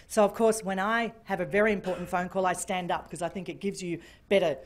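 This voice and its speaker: A woman giving a keynote talk, telling a story with lively, animated delivery and acting out phone calls. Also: mid-range voice, fast, few pauses. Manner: animated, acts out phone calls in different voices. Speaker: keynote speaker. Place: function room.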